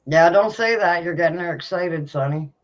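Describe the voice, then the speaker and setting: A man's voice: fairly high pitch, moderate pace, muffled recording. A man from Canada chatting on a live stream, teasing the host and chuckling often. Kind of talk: casual live-stream chat.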